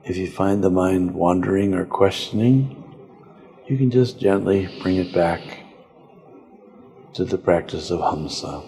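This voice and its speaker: A man, a spiritual teacher on a podcast, calmly and slowly guiding a breath meditation. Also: low-pitched, gravelly, soft background music. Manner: calm, slow, gentle guiding. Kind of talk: guided meditation instruction.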